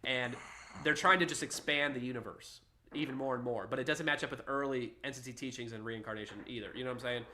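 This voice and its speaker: Animated, scoffing man on a podcast. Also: medium pitch, quick pace, a little hiss or hum. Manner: animated, scoffing, casually profane. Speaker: podcast host. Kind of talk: casual podcast commentary.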